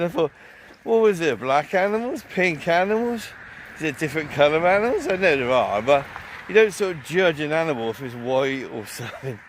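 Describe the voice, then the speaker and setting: A man's voice: a little high, a little hiss or hum. A man vlogging a casual, rambling festival review, swearing often and telling a story full of fillers.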